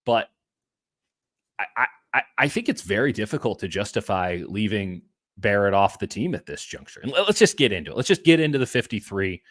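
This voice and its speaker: A man co-hosting a casual sports podcast over a video call, talking in an animated way with playful asides. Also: fairly low pitch, a little fast, dry recording, studio quality. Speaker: co-host.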